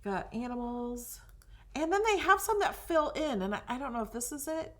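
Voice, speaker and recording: A woman's voice: high voice, expressive, normal speed, fairly bright tone. A woman hosting a casual crafting tutorial, chatting and thinking aloud as she browses designs, sometimes dropping to a whisper over things she likes.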